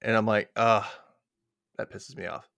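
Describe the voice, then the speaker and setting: A man's voice: lowish voice, fairly even intonation, a little slow, vocal fry, a bit bright, no echo. A man co-hosting a podcast, casually recapping a story and acting out its quoted lines. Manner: chatty, retells scenes with quoted lines. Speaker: podcast co-host.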